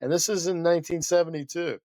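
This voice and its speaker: A man's voice: a little high, steady tone, quick pace, darkish tone, no room sound. A man who is a guest chiropractor, telling a story in a rambling, passionate way that keeps interrupting itself.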